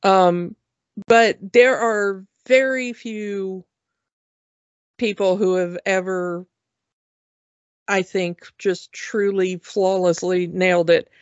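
A woman's voice: medium pitch, no echo. A woman co-hosting a podcast, chatting casually and telling a story with frequent restarts. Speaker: podcast co-host. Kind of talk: casual chat. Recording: dull lo-fi sound.

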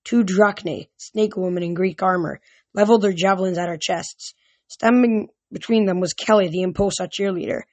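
Amateur audiobook narrator, middle pitch, halting with restarts, dry close mic. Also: steady tone, a little mellow, no echo. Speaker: audiobook reader.

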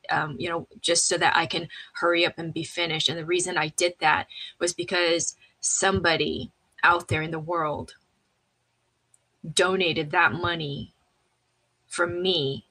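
Woman, interview guest, personal storytelling, bright tense voice, lowish pitch, animated, many fillers. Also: breathy edge, poor audio. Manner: animated, acts out quoted voices; frequent fillers and restarts.

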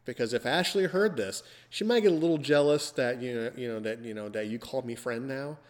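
On a casual podcast, a man with a mid-range voice talks briskly, teasing his guest in a playful, theatrical manner. The recording has a long reverb tail.

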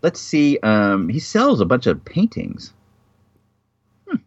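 A man's voice: medium pitch, huge pitch swings, takes it slowly, husky, no room sound, highs cut off. A man co-hosting a casual chat show, teasing and joking as he tells a story. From United States. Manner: teasing, jokey, puts on a mock Russian accent in bits. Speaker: podcast co-host.

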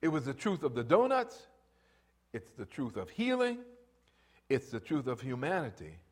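Animated preaching man, lively pitch. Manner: animated preaching, acts out voices, rises to loud exhortation. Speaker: pastor. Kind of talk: sermon.

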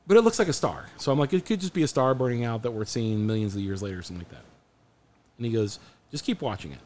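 A man co-hosting a podcast, telling a story in casual chat, animated and often restarting his sentences. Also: medium pitch, fast talker. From Phoenix area, USA. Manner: animated, restarts a lot, acts out quotes. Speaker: podcast co-host.

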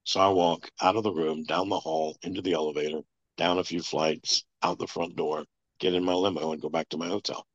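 Super deep raspy guy telling his story in a flat, calm way, dull lo-fi sound. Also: brisk, dry recording. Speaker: interview guest. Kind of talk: storytelling interview.

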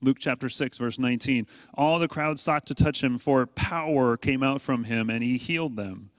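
A man's voice: mid-range voice, moderate pace, no echo. A man preaching a sermon to his congregation in a conversational way, asking rhetorical questions and leaning hard on key points. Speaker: pastor.

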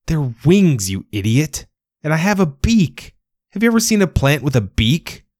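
A man's voice: deep voice, very animated, measured pace, a little mellow, dry recording, clean studio sound. A man voicing a rude, grumpy fairy penguin in a storybook reading, curt and bossy. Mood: scornful.

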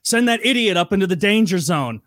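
A man joking around in a casual conversation among friends. His voice sits a little high for a man. The sound is dry and close to the mic. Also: expressive, a little fast, a bit bright, dry recording. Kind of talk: casual podcast chat.

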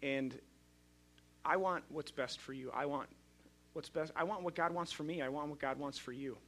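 Bright-voiced, high-pitched male pastor. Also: moderate pace. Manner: conversational, lively storytelling with many restarts. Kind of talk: sermon.

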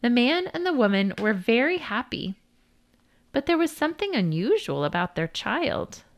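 A woman narrating children's stories and facts in a clear, deliberate, sing-song reading style. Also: fairly high pitch, very animated. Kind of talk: children's storytelling and fact narration.

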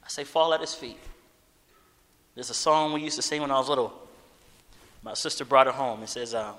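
A man preaching a sermon, moving from loud urgent appeals to quiet personal storytelling. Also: medium pitch, normal speed. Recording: long reverb of a large hall.

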